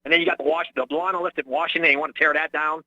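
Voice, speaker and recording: A man's voice: fast, no room sound. A man calling in to a radio talk show, ranting indignantly. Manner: indignant ranting, lively pitch swings. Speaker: caller. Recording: dry muffled phone line.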